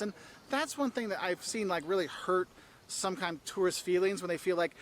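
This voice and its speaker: A man giving advice to tourists in a travel vlog, energetic and emphatic. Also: sits high, a little fast, slight background noise. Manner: energetic, emphatic, acts out tourists in quoted voices. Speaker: travel video host.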